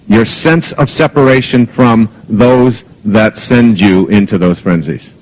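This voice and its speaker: A man's voice: mid-range voice, poor audio. Middle-aged man telling humorous seminar stories. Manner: humorous anecdotal storytelling with chuckles; lively, shifting between soft and emphatic. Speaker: motivational speaker. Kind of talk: live seminar talk.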